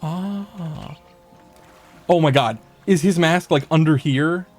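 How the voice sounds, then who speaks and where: A man with a somewhat high, darkish voice streams a game at a slow pace, chatting casually. He swears a lot and talks to the on-screen characters, with faint game music in the background.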